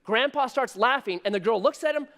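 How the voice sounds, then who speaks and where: A man in his thirties preaching a sermon, telling a story in an animated, conversational way. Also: very high-pitched, fairly quick. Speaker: pastor.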